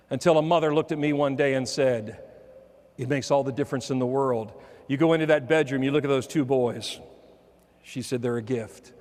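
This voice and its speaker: Man telling a story in a reverberant hall. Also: a little high. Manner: humorous storyteller, softening for quoted lines. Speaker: motivational speaker. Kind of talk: keynote storytelling.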